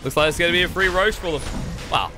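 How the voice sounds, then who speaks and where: A man casting a live video game match with rapid, excitable play-by-play. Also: on the high side, music in the background. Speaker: esports caster.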